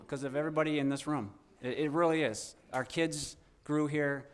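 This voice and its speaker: A man's voice: a little high, fairly even intonation, normal speed, few pauses, noisy background. A young man giving an informal, heartfelt testimony to a church congregation as a guest speaker, rambling with many restarts.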